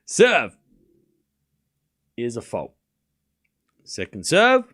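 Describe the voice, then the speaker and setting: A man streaming a live tennis watchalong, calling each rally in quick play-by-play and chatting with viewers between points. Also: mid-range voice, huge pitch swings, fairly bright tone, slightly rough. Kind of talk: live watchalong commentary and chat reading.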